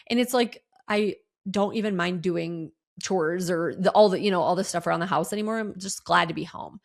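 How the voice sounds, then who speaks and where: Casting: woman in her thirties, middle-pitched, candid rambling podcast host. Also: brisk. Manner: candid, rambling, with many fillers and restarts; animated quoted asides in a higher voice. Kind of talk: solo podcast monologue.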